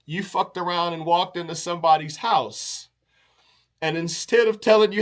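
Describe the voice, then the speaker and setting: A man's voice: high voice, very animated, a little slow. A man hosting a show, telling a rambling, casual story with many fillers, restarts and casual swearing. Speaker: show host.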